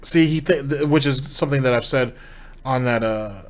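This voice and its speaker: A man's voice: medium pitch, moderate pace. A man hosting a commentary show, reacting critically and sarcastically to a streamer's clips with rhetorical questions. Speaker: commentary channel host.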